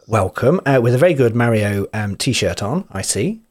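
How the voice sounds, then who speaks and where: A man's voice: mid-range voice, very animated, normal speed, a little mellow. A man hosting a casual podcast chat, introducing guests with a laugh. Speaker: podcast host.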